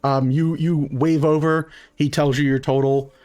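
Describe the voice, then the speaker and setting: A man's voice: fairly high pitch, little pitch movement, a little slow, a little mellow. A man narrating as game master in a loose, laughing way, with many fillers.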